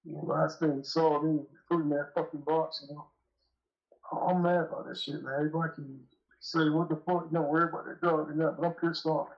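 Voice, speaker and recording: A man's voice: on the high side, little pitch movement, fairly quick, creaky, highs cut off. A man calling in as a guest, telling a rambling story in casual, profane talk, sounding aggrieved. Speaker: call-in guest. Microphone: phone call.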